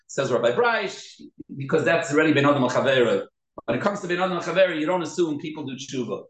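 A man teaching a Talmud class, animated and quick, with many restarts. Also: on the high side. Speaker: Torah teacher. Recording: echoey room.

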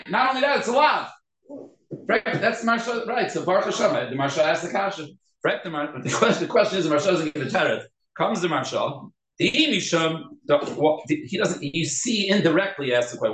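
A man teaching a Talmud class, animated and quick, with many restarts. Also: a little high. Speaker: Torah teacher. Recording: echoey room.

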